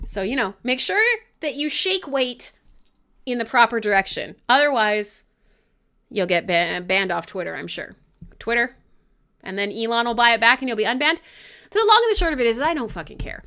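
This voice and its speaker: A woman's voice: on the high side, bright, forceful tone. A young woman from Canada hosting a live radio show, with irreverent chat full of jokes, laughter and swearing.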